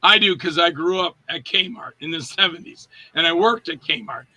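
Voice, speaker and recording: A man's voice: a little high, normal speed. A man in his fifties, an actor telling stories in a casual interview and acting out quotes in different voices. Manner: animated, acts out quotes in voices.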